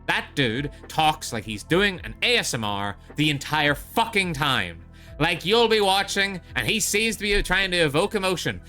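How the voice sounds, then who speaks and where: A man's voice: mid-range voice, pushed and bright. A male streamer in casual live-stream chat, rambling and opinionated with frequent swearing.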